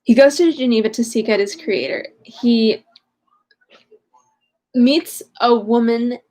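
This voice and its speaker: A woman's voice: fairly high pitch, takes it slowly, a little mellow. A young woman at home, casually recapping a novel chapter and reading it aloud, chatty and scatterbrained with lots of fillers. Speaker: reader of a novel. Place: home room.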